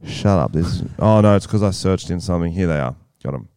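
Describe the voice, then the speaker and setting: A man's voice: low-pitched, fast, warm tone, clear, resonant tone, no echo, clean studio sound. A man co-hosting a podcast in casual, sweary banter, laid-back and trailing off mid-thought. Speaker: podcast co-host.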